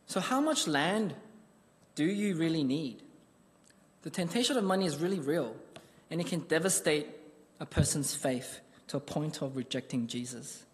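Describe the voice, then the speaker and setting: A man's voice: fairly high pitch, expressive, moderate pace, in a large hall. A man preaching a sermon, telling a personal story in an earnest, conversational way.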